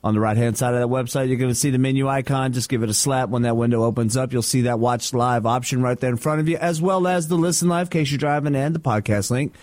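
A man's voice: mid-range voice, steady tone, fast talker, hardly any pauses, darkish tone, dry recording, studio quality. A man co-hosting a radio show, walking listeners step by step through plain instructions. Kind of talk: reading show announcements.

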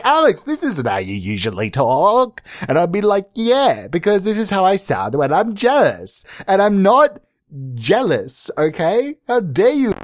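A man hosting a podcast, ranting sarcastically in a profane, rambling comedic monologue, jumping into high mock-outraged bursts. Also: no room sound, clean studio sound. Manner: sarcastic, profane, tangent-prone. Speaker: podcast host.

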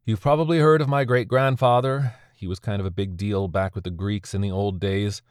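A man's voice: on the low side, fairly even intonation, brisk, dry recording, natural voice. A man voicing a sardonic woman who captains an underworld ferry, speaking in a dry, weary, matter-of-fact way.

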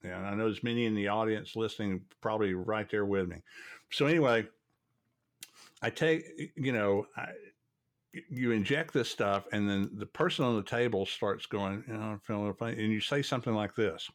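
A man's voice: lowish voice, normal speed. A man, a podcast host telling folksy stories from his work in radiology. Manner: folksy, storytelling, chatty. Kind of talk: casual chat.

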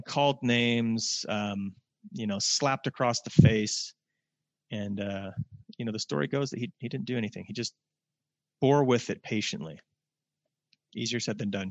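A man teaching a casual scripture lesson, reading verses slowly and adding plain-spoken asides. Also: on the low side, no room sound. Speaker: religious teacher. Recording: dull lo-fi, dry sound.

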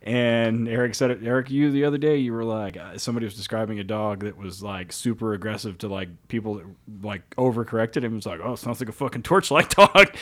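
A man's voice: lowish voice, steady tone, quick pace, few pauses, a little mellow. Profane storytelling man on a podcast. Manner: profane, storytelling, laughing asides. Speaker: podcast host, kennel dog trainer. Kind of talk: casual podcast chat.

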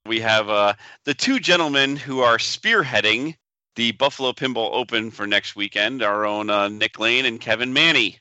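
A man co-hosting a casual podcast, playful and quick to laugh. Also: medium pitch, bright, forceful tone, no echo, muffled recording. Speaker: podcast co-host.

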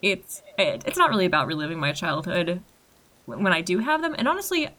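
A woman's voice: on the low side, a little fast. Chatty young woman on a podcast. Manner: chatty, animated, fond of quoting herself. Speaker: podcast co-host. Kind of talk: casual group chat.

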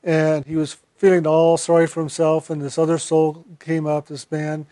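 A man's voice: on the high side, little pitch movement, normal speed, warm tone, no echo. A man, a spiritual teacher, animatedly telling a story from his meditation and sometimes laughing. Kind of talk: storytelling talk about meditation.

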